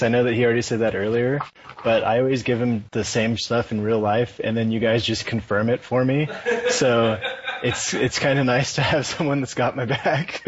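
A man guesting on a podcast, chatting in a laid-back, easygoing way. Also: mid-range voice. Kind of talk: casual chat. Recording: dull lo-fi sound.

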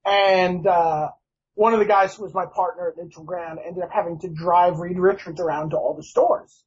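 A man in casual podcast chat, an animated storyteller who laughs often. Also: high-pitched, normal speed, slightly rough. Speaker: podcast guest. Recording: dull, lo-fi sound.

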